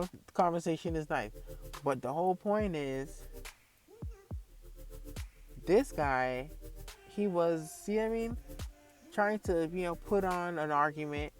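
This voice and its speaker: A man in his early thirties ranting casually to camera, telling a heated story full of profanity and repetition, with faint music behind him. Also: a little high. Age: early 30s. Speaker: vlogger.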